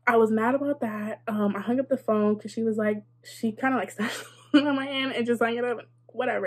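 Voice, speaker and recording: A woman's voice: fairly high pitch, breathy edge. A young adult woman telling a casual storytime, chatty and sarcastic, with lots of "like" and wry asides. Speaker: vlogger.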